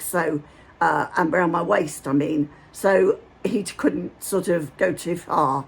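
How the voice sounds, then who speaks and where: A woman's voice: lowish voice, gravelly, slight background noise. A woman from Hampshire, England, chatting casually to camera and telling a rambling story full of asides. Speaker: vlogger.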